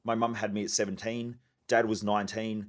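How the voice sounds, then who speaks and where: A man's voice: on the low side, little pitch movement. A man, candidly telling his life story as a podcast guest, swearing freely. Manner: candid, profane, fast-talking. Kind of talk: personal storytelling.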